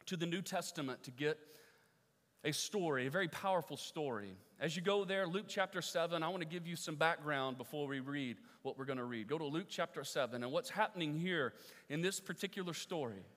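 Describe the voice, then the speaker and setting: Pastor guy preaching, earnest, keeps repeating lines and going soft to make a point, kinda high voice, big church echo. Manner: earnest preaching, repeats key phrases, drops soft for emphasis. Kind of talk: sermon. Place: church sanctuary. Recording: long reverb of a church hall.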